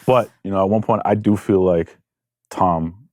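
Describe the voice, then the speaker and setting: A man who hosts a podcast and manages artists, talking candidly and relaxed in a casual interview. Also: sits low, no echo, clean studio sound. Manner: relaxed, candid, swears, quick affirmations.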